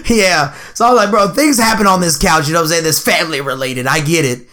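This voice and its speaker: A young man telling stories in a casual podcast chat, animated and laughing, swearing freely and acting out voices. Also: a little high, fast talker, soft background music. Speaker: podcast co-host.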